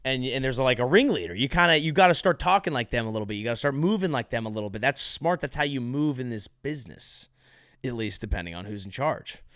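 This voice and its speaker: A man's voice: medium pitch, expressive, fast, fairly bright tone, no echo, clean studio sound. A male comedian hosting a podcast, delivering a sarcastic, rambling monologue full of restarts and mock-grand declarations. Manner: sarcastic, rambling, self-interrupting.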